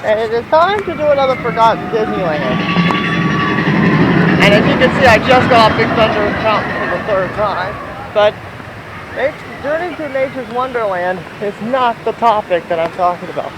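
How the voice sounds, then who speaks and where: High-voiced young man vlogging outdoors. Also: lively intonation, normal speed. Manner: rambling, restarts, catches breath while walking. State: slightly out of breath. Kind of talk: casual walking vlog. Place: outdoors in a theme park. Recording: outdoor camera audio with loud ambient noise.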